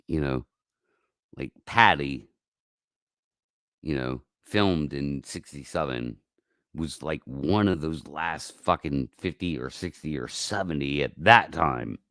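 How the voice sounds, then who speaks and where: A man hosting a casual livestream, talking in a rambling, profane way that swings from mumbled asides to loud outbursts, on a close mic. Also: a bass voice, takes it slowly, no echo. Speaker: livestream host.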